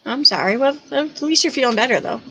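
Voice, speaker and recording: A woman's voice: high voice, animated, a little fast, a bit bright, slight background noise, rough recording. Chatty woman hosting a livestream. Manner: chatty, laughs often. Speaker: livestream host. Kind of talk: casual chat with callers.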